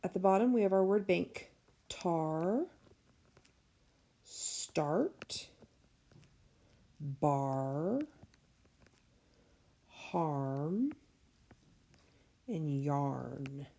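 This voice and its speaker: Slow, gravelly-voiced woman teaching phonics. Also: low voice, lively intonation, mellow. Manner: slow, sounding out letters and sounds. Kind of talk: recorded phonics lesson for children. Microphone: tablet microphone.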